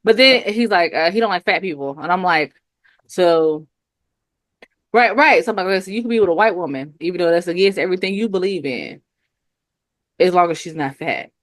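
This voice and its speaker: A woman in her thirties with a Southern US accent, talking in a relaxed chat. She laughs easily and acts out other people's lines as she tells a story. Her voice sounds close and dry, with no room around it. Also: fairly low pitch, fairly quick, no echo. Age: 30s. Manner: laughing, animated storytelling with acted quotes. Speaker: co-host. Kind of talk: casual chat.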